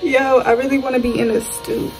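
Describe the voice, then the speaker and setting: A woman's voice: sits high, flat delivery, brisk, music in the background. A young woman with a light Southern accent, talking in a chatty, slangy, rambling way as she vlogs. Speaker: vlogger. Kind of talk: casual vlog chat.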